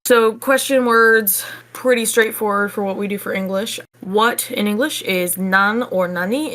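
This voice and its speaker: A woman teaching a casual online language lesson, explaining in a relaxed, chatty way with casual fillers. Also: medium pitch.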